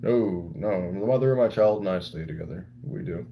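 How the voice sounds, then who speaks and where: A man's voice: sits low, normal speed, vocal fry, warm tone, a little hiss or hum. A young man chatting casually with viewers on a live stream, loose and rambling, swearing freely. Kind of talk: casual livestream chat with viewers.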